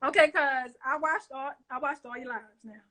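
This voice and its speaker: A woman's voice: sits high, normal speed, bright, forceful tone. A middle-aged woman hosting a casual interview, chatty and laughing often as she talks straight to her viewers. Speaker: show host.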